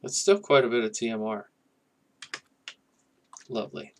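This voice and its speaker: A man hosting a casual gameplay commentary, musing and thinking aloud in a relaxed way. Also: medium pitch, moderate pace, slight background noise. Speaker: gaming channel host.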